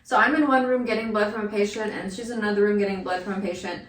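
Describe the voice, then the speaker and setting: A woman who is a nurse, telling a clinical story in a relaxed, dryly humorous casual chat. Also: medium pitch, racing. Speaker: nurse, podcast guest. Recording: echoey room, distant mic.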